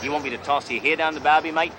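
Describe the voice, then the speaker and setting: An actor playing a brash cop who puts on a hammy fake Australian accent and boasts like a rich tycoon. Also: male voice, on the high side, fairly even intonation, rapid-fire, noisy background, voice pushed up, lightly acted. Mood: boastful. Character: brash loud male cop posing as an Aussie tycoon.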